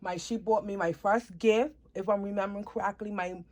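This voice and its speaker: A woman's voice: mid-range voice, brisk. A woman casually telling her life story to camera, chatting with viewers and checking in with them often. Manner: animated retelling, voices shift up and down. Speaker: doll hobby vlogger.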